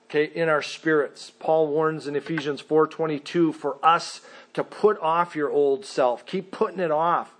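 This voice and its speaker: Pastor, male, unhurried sermon delivery, voice a touch high. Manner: slow, deliberate preaching with scripture quotes.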